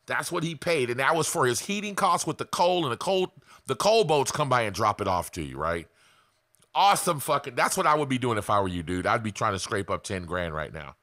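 A man's voice: medium pitch, sing-song, brisk, pushed and bright, dry recording, clean studio sound. A man giving casual, blunt sales coaching to camera, swearing freely.

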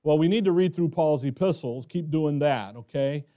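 A middle-aged American pastor teaching verse by verse in a conversational way, often asking the congregation questions. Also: male voice, a little high, normal speed, warm tone. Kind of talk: expository Bible teaching.

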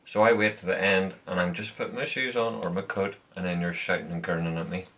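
A young man speaks in a laid-back, good-humoured way. His voice sits very low. He grumbles and teases in an easygoing manner. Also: steady tone, fast talker, fairly bright tone. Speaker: vlogger's boyfriend. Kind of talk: casual chat.

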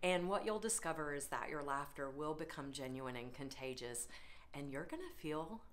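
A middle-aged woman leading a laughter yoga session, giving encouraging, unhurried instructions. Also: low-pitched. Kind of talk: guided laughter exercise.

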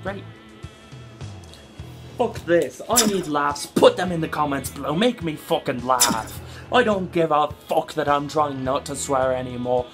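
A woman hosting a gaming channel, giving let's-play commentary and shouting fruit words in place of curses when exasperated. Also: low-pitched, animated, measured pace. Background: background music.

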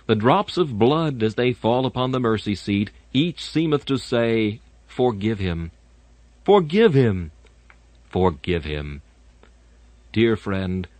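Male preacher, sermon delivery, lively swooping pitch, dry close sound. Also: no room sound. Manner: dramatic, sweeping rises and falls; solemn, archaic phrasing. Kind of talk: sermon reading.

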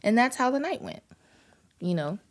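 A woman's voice: on the high side, normal speed. A woman guest on a podcast, telling a story in casual chat and laughing as she talks. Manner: animated storyteller, laughs through her story.

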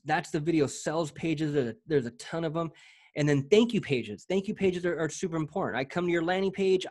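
An energetic man with a slightly raised pitch, talking through a software demo in loose, slangy chat. He stumbles and repeats words as he gets excited, keeping it casual and hyped. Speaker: presenter demoing software.

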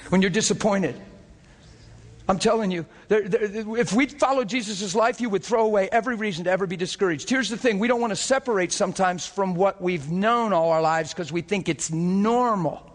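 A man's voice: high voice, brisk, big-room sound. A man preaching a sermon to a congregation, impassioned and full of rhetorical questions that rise to emphatic peaks. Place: church service before a congregation.

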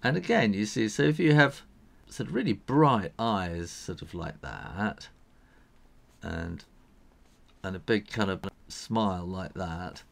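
An older man walks through a drawing lesson in a loose, meandering way, chuckling as he sketches. His voice sits very low with a gravelly texture. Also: big pitch swings, slow. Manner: rambling, chuckles while sketching, many fillers. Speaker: drawing teacher. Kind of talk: casual drawing tutorial.

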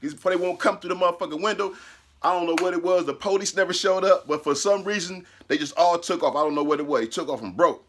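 A man casually telling a personal story, animated and profane, laughing mid-sentence and acting out what people said. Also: sits high, fast talker, slight background noise.

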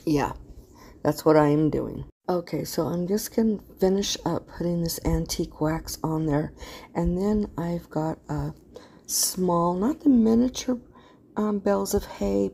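Low, gravelly woman narrating a craft tutorial. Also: dark tone, a little hiss or hum. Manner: rambling, loses words, yawns while talking. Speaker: craft channel host. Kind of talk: casual craft tutorial voice-over.

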